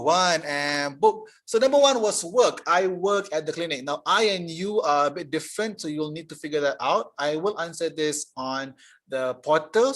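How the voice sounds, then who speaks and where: Guy teaching english online, fairly high voice, chatty and friendly, keeps restarting his sentences. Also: fairly bright tone. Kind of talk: live online tutorial.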